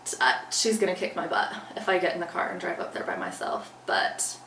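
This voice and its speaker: A woman's voice: lowish voice, sing-song, a little fast, vocal fry, a bit bright. A woman recounting a personal story as an interview guest, earnestly acting out what she said back then. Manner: earnest, retells events by acting out her own past lines. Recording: roomy, distant mic, faint background noise.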